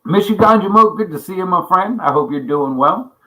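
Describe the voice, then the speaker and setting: A man's voice: sits high, animated, brisk, bright, forceful tone, poor audio. Laughing, rambling man on a livestream. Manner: rambling, laughs often, swears a lot; greets viewers by name. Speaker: livestream host. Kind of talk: casual livestream chat.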